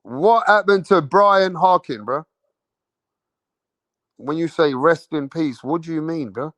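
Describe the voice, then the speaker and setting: Taking it slowly, a man with a fairly high, slightly bright voice hosts a boxing livestream in a London accent, with no room sound in the audio. He's brash and slangy, swearing, repeating himself, and calling out questions to his chat as he waits for responses.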